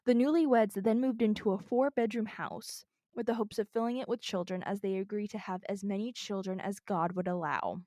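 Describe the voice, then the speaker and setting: A woman's voice: medium pitch, fairly even intonation, fairly quick, hardly any pauses, warm tone, no echo, clean studio sound. A woman co-hosting a podcast, earnestly telling a true crime story in casual chat from her notes.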